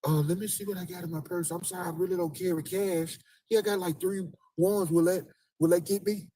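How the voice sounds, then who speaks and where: A man's voice: sits high, fairly even intonation, a little fast, mellow, far from the mic, voice pushed up, natural voice. A man voicing a flustered woman who stammers nervous apologies while fumbling for cash.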